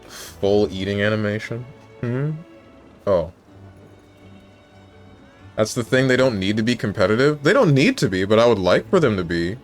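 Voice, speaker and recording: A man's voice: lowish voice, animated, normal speed, pauses often, soft background music. A male streamer chatting casually on a live stream, thinking aloud and correcting himself as he goes.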